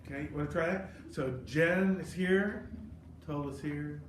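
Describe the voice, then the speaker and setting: Guy teaching conducting, high lively voice, echoey room, mic far off and noisy. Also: measured pace. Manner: animated, joking, demonstrates by counting and singing. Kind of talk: classroom instruction. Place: cold rehearsal room.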